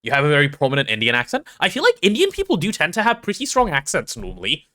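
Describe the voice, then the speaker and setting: A young man with an English accent chats through a gameplay livestream, answering his viewers and laughing off his own slips. His voice is bright and a touch high, and his pitch swings widely as he talks. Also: wildly swooping pitch. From England. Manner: chatty, reads chat aloud and answers it, jokey and quick to apologize. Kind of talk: casual gameplay livestream chat.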